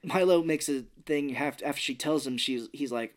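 A man's voice: mid-range voice, normal speed. Man casually recapping a movie. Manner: retells plot loosely, acts out quotes, swears freely. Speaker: podcast co-host.

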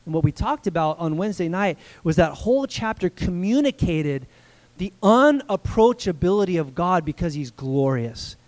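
Male pastor, high voice, lively casual sermon with bursts of shouting. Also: moderate pace. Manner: energetic, conversational preaching with rising shouts.

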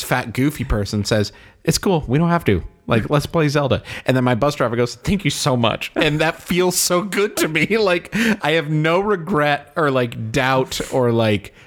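A man in casual podcast chat, goofy and quick to laugh, acting out his own inner voices as he talks. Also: medium pitch. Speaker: podcast co-host.

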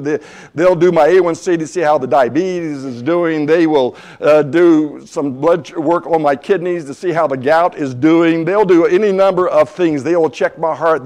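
An older man in his seventies leads a church lesson in a relaxed sermon style, his voice sitting a little high for a man. He tells folksy, humorous stories, acting out both sides of a conversation as he goes. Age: 70s. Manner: folksy and humorous, with frequent restarts. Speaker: church Bible class teacher.

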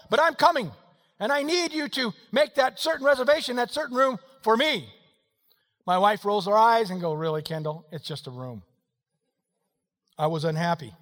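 A man preaching a sermon, telling a story in an animated way and swinging between quiet and loud passages. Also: very high-pitched, big-room sound. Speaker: pastor.

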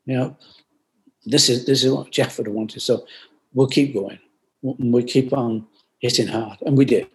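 An older man, a company founder, giving earnest reflective interview answers over a remote video call, often repeating phrases and clearing his throat. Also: medium pitch, steady tone, normal speed, pauses often, rough recording. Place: at home in France.

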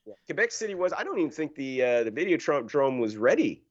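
A man's voice: medium pitch, sing-song, brisk. Casual, profane man on a lo-fi mic. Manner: loose, profane, laughs often. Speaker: podcast co-host. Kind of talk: casual sports chat.

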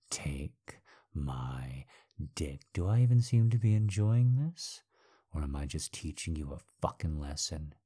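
A man performing an adult audio role-play in a domineering, taunting voice that swings between low murmurs and loud commands. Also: husky.

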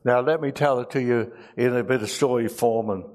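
A man's voice: mid-range voice, brisk, a little mellow. A man preaching a sermon, reading scripture aloud and adding emotional, humorous asides.

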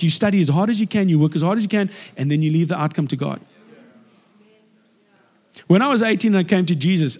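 A man in his forties from South Africa, preaching by telling stories and acting out the voices of people in them. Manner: animated, acts out quoted voices with big pitch jumps. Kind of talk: sermon storytelling. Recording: long reverb of a large hall.

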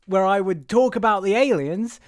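A man's voice: high voice, expressive, normal speed, smooth. A man hosting a podcast in casual chat, teasing his co-host and breaking into laughter. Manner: laughing, stammering restarts, teasing.

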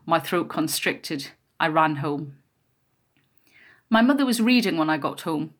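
A woman narrating a first-person memoir in a quiet, measured storytelling voice. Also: sits low, animated.

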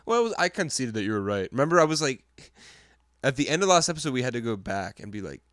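A young man co-hosting a casual show, excitable and slangy, calling his friend "dude". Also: mid-range voice, fast talker, dry recording, clean studio sound. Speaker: podcast co-host. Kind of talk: casual chat, watching an episode together.

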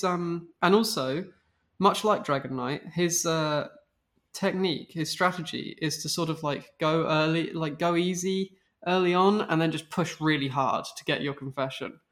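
A man with a somewhat high voice co-hosts a podcast. He gushes about a TV show in a fast, casual flow and drops the odd swear word. His tone is eager and informal. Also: fairly bright tone. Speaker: podcast co-host. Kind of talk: casual chat recapping a TV show.

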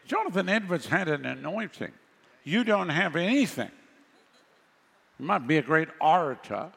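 A man's voice: fairly high pitch, lively intonation, moderate pace, creaky, a bit bright, slightly rough, in a large hall. A male pastor preaching a sermon in a conversational way, with sarcastic asides.

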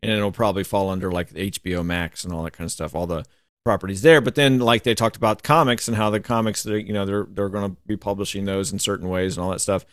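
A man's voice: low voice, fairly even intonation, fast talker, no echo, studio quality. A man co-hosting a podcast, talking in a rambling way with many fillers. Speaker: podcast co-host. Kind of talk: casual chat.

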